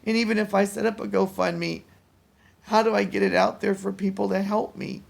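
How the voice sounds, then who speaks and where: A mentally exhausted man talking in a casual personal vlog, weary and rambling, with halting restarts. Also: high voice, flat delivery, vocal fry. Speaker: vlogger.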